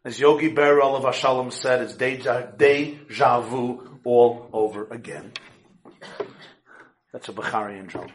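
A man's voice: mid-range voice, measured pace. A man telling a story to a live audience, acting out the people in it and joking with the listeners. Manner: animated storyteller, acts out quoted voices, jokes with the crowd. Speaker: speaker giving a talk.

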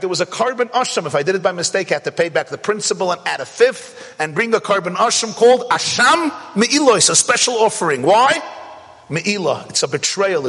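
A man teaching a Torah class, animated and rising to shouts to stress a point. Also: high-pitched, slightly rough, big-room sound. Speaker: rabbi.

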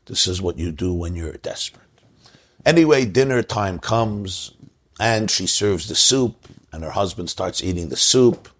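Here a Jewish religious teacher weaves a joke into his sermon, recounting it as a story before drawing out its lesson and rising to emphasis. He speaks at a measured pace in a low, husky voice with lively intonation.

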